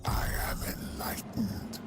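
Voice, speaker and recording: A man voicing a seductive male daemon lord in a video game, speaking with a deep, gravelly, savoring drawl. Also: over loud music, close to an everyday voice. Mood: languid. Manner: slow, savoring delivery. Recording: game audio under loud noise.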